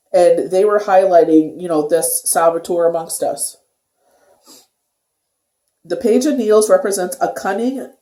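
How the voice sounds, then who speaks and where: Mellow, rambling tarot reader in an echoey room. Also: medium pitch. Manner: rambling, filler-heavy talk with many "you know"s. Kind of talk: casual daily tarot reading.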